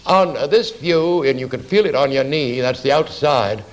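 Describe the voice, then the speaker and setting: A man giving an art anatomy lecture while drawing, halting with many "you see" asides and dry remarks to the class. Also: medium pitch, low-quality recording.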